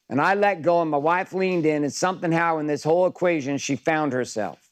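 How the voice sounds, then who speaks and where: A man's voice: on the high side, quick pace. A man coaching a group in an intense, emphatic motivational talk, swearing freely.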